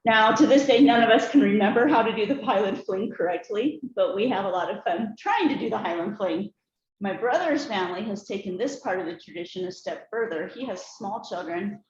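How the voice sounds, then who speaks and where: A woman's voice: mid-range voice, expressive, brisk. Brief: woman, prepared talk, homey storytelling, echoey hall sound. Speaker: speaker giving a family talk. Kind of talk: prepared speech to a group. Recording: echoey room, slightly dull sound, faint noise.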